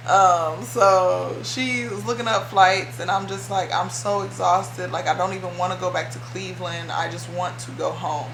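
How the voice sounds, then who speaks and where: A young woman tells a personal story on her vlog, rambling and emotional, her words full of fillers. Her voice has a gravelly, fry-tinged edge at a middle pitch. The recording sits in an echoey room with a faint hum underneath. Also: fairly even intonation, normal speed, hardly any pauses, a bit bright. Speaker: vlogger. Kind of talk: casual storytelling.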